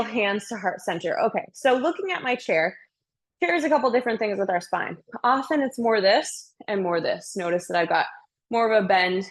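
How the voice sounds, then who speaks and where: A young woman leading a yoga class, calling out breaths and poses in an upbeat, playful way, slightly out of breath. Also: medium pitch. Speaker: yoga instructor. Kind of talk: guided yoga class instruction.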